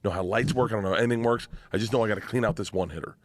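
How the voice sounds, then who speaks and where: A comedian rattles off a rambling, swear-filled story at a quick clip. His voice sits low. The recording is close and dry, from a podcast clip. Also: no echo. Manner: rambling, animated anecdote, swears freely. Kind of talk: comic storytelling.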